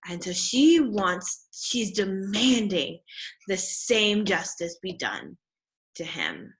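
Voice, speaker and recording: A woman's voice: lowish voice, lively intonation, takes it slowly, fairly bright tone. A woman giving a casual literature lecture, chatty and full of fillers. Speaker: literature teacher.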